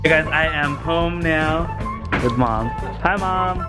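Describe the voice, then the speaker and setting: A man's voice: fairly high pitch, slow, over loud music. A man hosting a casual home tour vlog, upbeat and enthusiastic, talking to a handheld camera. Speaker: vlogger host. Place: at home, indoors and out in the yard.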